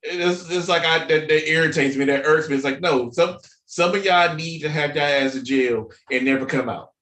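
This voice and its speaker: A high-voiced man trading jokes as a podcast co-host, animated and quick to laugh, often repeating himself. He sits away from the mic in an echoey room. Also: recorded from a distance. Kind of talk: casual comedic chat.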